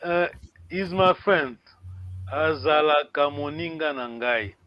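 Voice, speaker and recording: High pitched guy teaching a language class online, patient, keeps asking "yeah?", dull call audio. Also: takes it slowly, no room sound. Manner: patient, repeats words, asks "yeah?" to check understanding.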